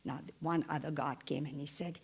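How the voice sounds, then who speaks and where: A woman tells a sacred tale during a church service, animated and full of conversational asides. Her voice sits lowish for a woman. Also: moderate pace, vocal fry, slightly rough. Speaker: guest speaker. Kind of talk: storytelling sermon.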